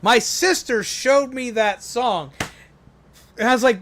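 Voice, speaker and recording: A man streaming a game, telling a joke in a casual, animated way that swings from loud to mumbled. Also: very high voice, takes it slowly, pauses often.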